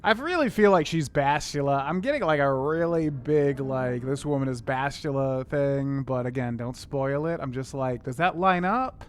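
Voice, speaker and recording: A man's voice: a little high, lively intonation, moderate pace, hardly any pauses, a little hiss or hum. A young man casually chatting with viewers while streaming a game, rambling with many fillers. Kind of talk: casual gameplay commentary.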